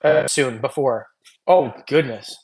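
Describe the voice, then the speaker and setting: Male stream host, mid pitch, tired and loose, joking banter over chat comments. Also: slow, darkish tone. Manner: loose, rambling, joking, many fillers. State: tired after a long stream. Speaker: reptile channel host. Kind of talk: casual livestream chat reading comments.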